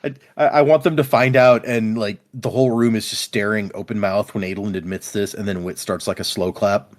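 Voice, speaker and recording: A man's voice: on the low side, brisk. A young man co-hosting a podcast, chatting casually about a book and reading passages aloud. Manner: animated, reads quotes aloud between commentary. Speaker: podcast co-host.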